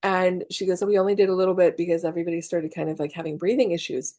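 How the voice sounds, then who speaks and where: A woman's voice: fairly low pitch, fairly even intonation, rapid-fire, dark tone, no room sound. A middle-aged woman teaching a spiritual class in a chatty, confessional way, swearing freely and acting out her own panics. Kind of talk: casual online class talk.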